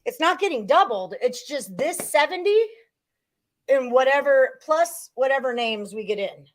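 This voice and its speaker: A woman's voice: sits high, lively intonation, moderate pace, slight background noise. A woman hosting a live sports betting show, reading out viewers' picks and chatting casually.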